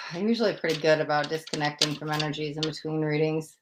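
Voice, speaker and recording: A woman's voice: low-pitched, steady tone, a little fast, noisy background. A woman hosting a live tarot stream who chats casually with viewers, often giggling and poking fun at herself. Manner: giggly, chatty, self-deprecating. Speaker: livestream tarot reader. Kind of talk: casual livestream chat.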